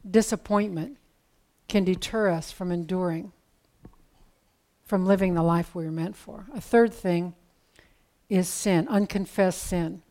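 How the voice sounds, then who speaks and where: A woman's voice: lowish voice, measured pace, long pauses, mellow. A woman preaching a sermon in a conversational, storytelling way with casual asides.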